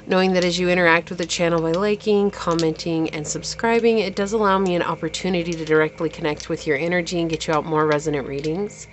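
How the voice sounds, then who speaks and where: A woman giving a pick-a-card tarot reading in a gentle, affirming and emotional way. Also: lowish voice. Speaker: tarot reader.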